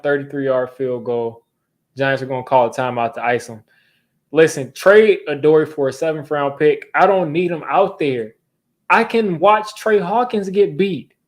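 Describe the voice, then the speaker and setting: A young man hosting a sports fan channel, ranting in exasperation during a live football reaction, repeating himself as he vents. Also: a little high.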